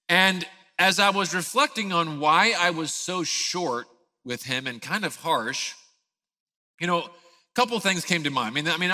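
A man in his thirties, a pastor giving a sermon, telling a family story in an animated way and acting out the scenes. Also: a little high, big-room sound.

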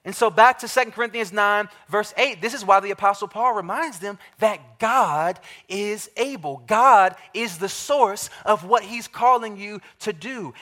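A man preaching a sermon to his congregation, emphatic, repeating key phrases and slowing down to stress them, often asking the listeners direct questions. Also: high voice, sharp tone. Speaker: pastor.

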